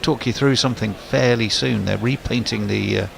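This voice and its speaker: Low-voiced man, jokey commentary. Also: fairly even intonation, moderate pace, gravelly, a little hiss or hum. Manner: jokey, chuckling, chatty. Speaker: cricket commentator. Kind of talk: casual cricket commentary chat.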